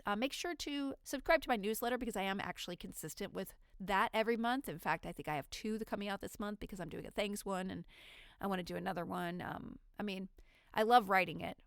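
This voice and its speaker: A woman's voice: fairly high pitch, a bit bright, clean tone, no echo, studio quality. A woman hosting her own podcast, chatting freely and at length in a rambling, unedited monologue. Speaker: podcast host. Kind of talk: casual solo monologue.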